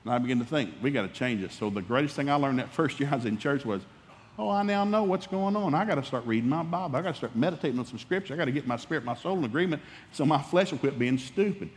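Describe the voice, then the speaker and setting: A man's voice: medium pitch, fast talker, a little hiss or hum. Folksy preacher man in a reverberant hall. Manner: animated, folksy, humorous preaching that acts out dialogues. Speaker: pastor. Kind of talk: sermon.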